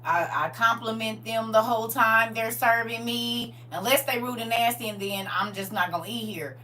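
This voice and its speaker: A woman's voice: a little high, normal speed, bright, forceful tone. A middle-aged woman hosting a livestream, chatting casually and emphatically and laughing often. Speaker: livestream host. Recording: distant mic with faint hum.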